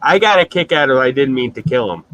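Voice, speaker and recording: A man's voice: medium pitch, lively intonation, brisk, fairly bright tone, a little hiss or hum, low-quality recording. A man in casual chat, telling blunt, profane stories on a stream.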